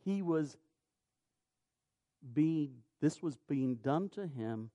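A man preaching a sermon, reading scripture in a measured cadence and rising to loud, emphatic peaks. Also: a little high, animated, muffled recording.

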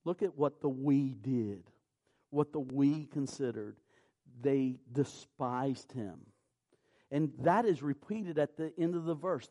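A man preaching a sermon, moving from quiet, slow scripture reading to loud, impassioned preaching. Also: mid-range voice. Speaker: pastor.

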